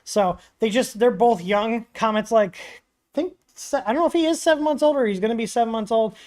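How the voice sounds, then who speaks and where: A man's voice: very high-pitched, quick pace, a little mellow. Rambling man hosting a casual livestream. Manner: rambling, filler-heavy, blunt opinions. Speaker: livestream host answering 3D printing questions.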